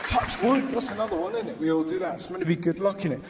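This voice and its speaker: A man performing live stand-up, animated and sweary. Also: high voice, fast talker, creaky, over a noisy crowd. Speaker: stand-up comedian. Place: large theatre stage. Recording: noisy live venue.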